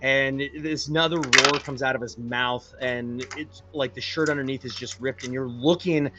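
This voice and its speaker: A man playing a tabletop role-playing game, describing his character's actions in an animated way. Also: medium pitch, normal speed, highs cut off, very noisy. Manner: animated, builds up vivid descriptions. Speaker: player.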